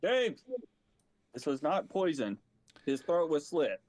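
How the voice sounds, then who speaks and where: A man playing a tabletop game, playful and quick to laugh. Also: a little high, sing-song, a little mellow. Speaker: player. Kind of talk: casual game chat.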